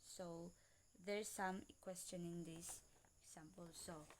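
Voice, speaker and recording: A woman giving an English lesson, speaking slowly and carefully and repeating each example word. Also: lowish voice, steady tone, slight background noise. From Philippines. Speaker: student presenter. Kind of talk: slow classroom-style lesson reading.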